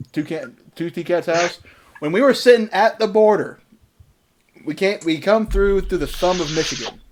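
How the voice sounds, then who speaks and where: A man's voice: a little high, darkish tone. A young adult man hosting a stream, telling stories in casual chat and laughing often. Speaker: streamer host.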